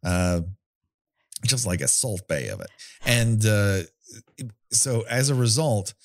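A man with a fairly low voice talks through horror films in a loose, rambling way, wry and quick to swear. The sound is dry and close, with no room around it. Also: big pitch swings, no room sound. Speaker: podcast co-host. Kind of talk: casual chat about horror movies.

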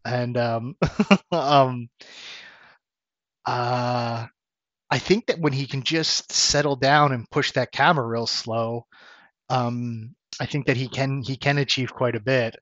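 A man's voice: mid-range voice, fairly even intonation, slow, pauses often, a bit bright, dry recording, dull audio. A young adult man co-hosting a podcast, telling stories in a rambling way with laughter and acted-out quotes. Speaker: podcast co-host. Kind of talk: casual chat, anecdote telling.

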